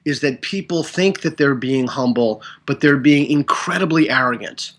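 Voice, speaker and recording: A man's voice: medium pitch, normal speed, a bit bright. A man who is the guest in a conversational interview. He explains ideas through examples and interrupts his own train of thought.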